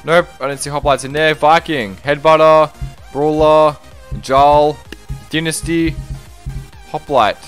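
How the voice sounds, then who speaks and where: A young man streaming a game, chatting casually, reading viewer comments aloud and breaking into excited exclamations. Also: on the high side, takes it slowly, pauses often, clear, resonant tone, faint music behind. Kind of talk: live-stream gameplay commentary.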